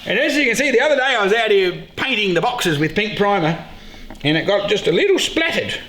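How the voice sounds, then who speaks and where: A middle-aged man hosting a casual beekeeping vlog, joking excitedly and swearing freely. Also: high voice, fairly quick. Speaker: beekeeper and show host. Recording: echoey room with loud background noise.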